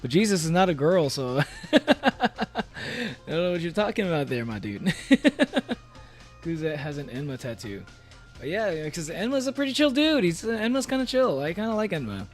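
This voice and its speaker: A man's voice: fairly high pitch, big pitch swings, a little fast. A man streaming casually, reading aloud and reacting with playful, rambling jokes in character as a demon, full of fillers and restarts. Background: faint background music.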